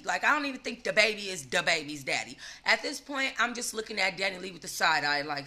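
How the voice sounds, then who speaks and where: Gossip host lady on a live stream, slangy and animated, bright sharp voice. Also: fast, few pauses. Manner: animated and slangy, swinging between loud gushing and low asides. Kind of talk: casual live-stream commentary.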